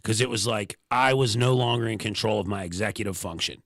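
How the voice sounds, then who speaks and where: A man's voice: fairly low pitch, brisk, a bit bright, dry recording. A man, a stand-up comedian, chatting casually as a podcast guest, telling loose stories with slangy asides and laughs. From Pittsburgh, USA.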